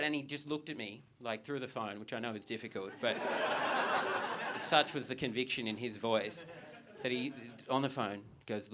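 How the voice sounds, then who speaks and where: A man's voice: medium pitch, normal speed, a little hiss or hum. A young Australian man performing a stand-up comedy routine on stage, telling a story and acting out the lines of the people in it. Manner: animated storytelling with acted-out quotes. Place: theatre cafe stage with a live audience.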